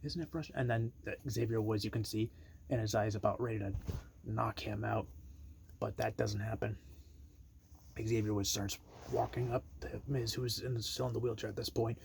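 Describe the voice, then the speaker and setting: A man casually pitching an imagined storyline, rambling and acting out quotes in a raised voice. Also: little pitch movement, normal speed, vocal fry, darkish tone, a little hiss or hum.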